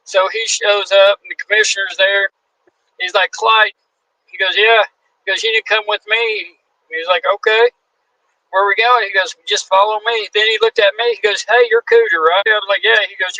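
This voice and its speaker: A man in his forties, a guest wrestler, telling a story in a casual, animated way, acting out the quotes and swearing freely. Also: high voice, a little fast, rough recording. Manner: animated, acts out quotes in shifting voices.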